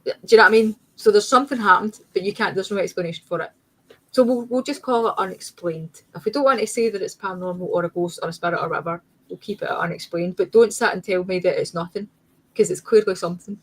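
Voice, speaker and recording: A woman's voice: medium pitch, fast, poor audio. Emphatic woman guest. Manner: emphatic, insistent, restarts often. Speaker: guest paranormal investigator. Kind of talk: casual chat.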